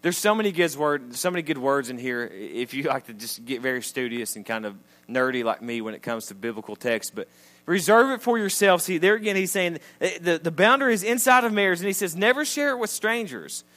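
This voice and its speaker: A married man preaching a sermon to a congregation, speaking casually and swinging from loud emphatic lines to quiet asides. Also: mid-range voice, fairly quick, hardly any pauses. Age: adult, married. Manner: conversational preacher, rising to emphatic peaks and dropping to quiet asides. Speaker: pastor. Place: church sanctuary before a congregation.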